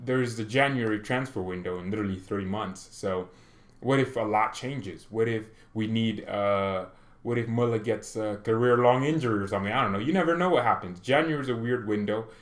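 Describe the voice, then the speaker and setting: A man hosting a fan vlog talks through football news in a loose, opinionated ramble, cutting himself off and starting over. His voice sits in a middle register. The sound bounces around an echoey room. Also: mid-range voice. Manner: rambling, opinionated, self-interrupting. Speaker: fan channel host. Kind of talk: casual football commentary vlog.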